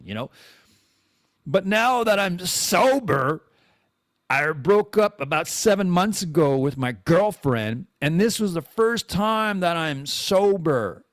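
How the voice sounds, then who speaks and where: Rambling, foul-mouthed man, lively pitch. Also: moderate pace, no echo, studio quality. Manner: rambling, frequent profanity and restarts; candid and self-deprecating. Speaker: podcast host. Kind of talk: casual confessional monologue.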